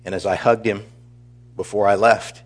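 Deep-voiced man giving a eulogy. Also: steady tone. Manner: earnest, measured, warmly storytelling. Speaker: pastor. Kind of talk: funeral eulogy.

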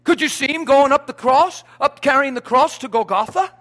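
High, bright-voiced preacher man. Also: moderate pace. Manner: swings from quiet asides to loud emphatic preaching; folksy, joking, quotes everyday sayings. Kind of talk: sermon.

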